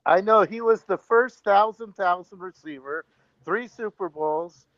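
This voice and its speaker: A man's voice: high voice, measured pace, fairly bright tone, highs cut off. A man calling in to a sports talk show, eagerly rattling off player statistics in casual chat. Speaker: caller.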